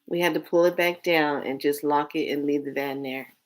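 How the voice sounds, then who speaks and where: A woman with a low, deep-set voice tells a personal story straight to her viewers. She talks candidly and emotionally and swears freely as she goes. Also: steady tone, moderate pace. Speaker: vlogger.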